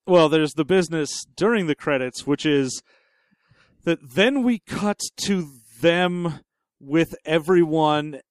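A man co-hosts a casual film podcast, joking and slipping into the voices of the characters he quotes. His voice sits a little high and comes through smooth and resonant. The sound is very dry, with no room echo. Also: slow. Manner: jokey, acts out characters in quotes. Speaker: podcast co-host. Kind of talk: casual chat.

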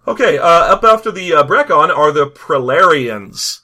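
A man's voice: fairly high pitch, expressive, normal speed, bright, forceful tone. A man co-hosting a casual chat about a tabletop game, joking and laughing often and restarting his sentences. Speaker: podcast co-host.

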